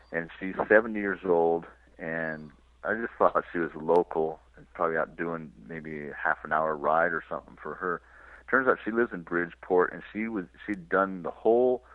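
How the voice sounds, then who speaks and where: A man from California, a touring cyclist, telling his road stories on a radio interview in a relaxed, rambling way. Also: low-pitched, dry recording. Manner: relaxed rambling storyteller with restarts and small laughs. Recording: tinny dry phone line.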